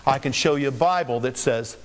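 A man's voice: mid-range voice, a little fast. A man preaching a sermon as a pastor, conversational and joking, explaining scripture with everyday asides.

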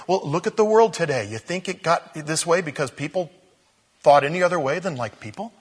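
Guy preaching in a loose chatty way, high voice, kinda husky, acts out the quotes. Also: expressive, fast. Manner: informal storytelling with asides and acted-out quotes. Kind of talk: conversational sermon.

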